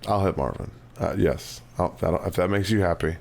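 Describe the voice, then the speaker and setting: A man's voice: low voice, moderate pace, gravelly, darkish tone, slight background noise. A man from the Washington DC area, a podcast co-host trading teasing wisecracks in casual chat.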